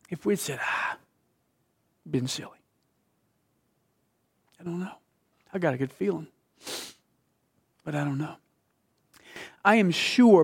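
A middle-aged male pastor with a fairly high voice preaches a sermon, telling a story with passion. His delivery drops from loud to hushed.

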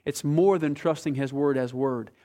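A man preaching a sermon as pastor, swinging from loud emphatic bursts to slow, hushed, intimate reading of scripture. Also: fairly high pitch.

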